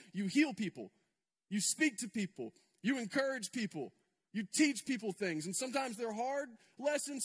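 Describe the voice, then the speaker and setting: Man, pastor, high voice, conversational sermon, rhetorical questions, long church reverb.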